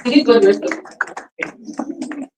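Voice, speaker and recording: A woman's voice: slow pace, noisy background. Chatty woman hosting from a distance. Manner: chatty, laughs often, restarts sentences. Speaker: event host. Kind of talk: leading an icebreaker game with an audience.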